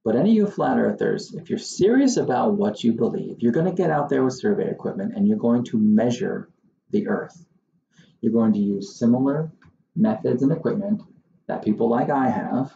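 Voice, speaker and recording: A man's voice: medium pitch, lively intonation, normal speed, creaky, dark tone, reverberant, dull audio, a little hiss or hum. A man who hosts his own channel as a surveyor, talking casually to the camera in a wry, exasperated way. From Southern Maine. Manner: wry, exasperated, mocking impressions of others.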